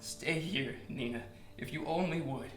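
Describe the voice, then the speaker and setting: Actor as a despairing lovesick young writer. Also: male voice, fairly high pitch, unhurried, faint music behind. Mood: anguished. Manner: pleading, with swings from hushed to shouting. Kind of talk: stage drama scene on film. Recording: echoey room.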